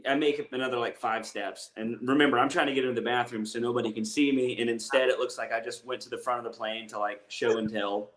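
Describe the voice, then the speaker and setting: A man's voice: medium pitch, quick pace, hardly any pauses. Rambling Appalachian man in an echoey room. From East Tennessee. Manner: rambling, self-deprecating, animated. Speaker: comedian guest. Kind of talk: casual storytelling chat.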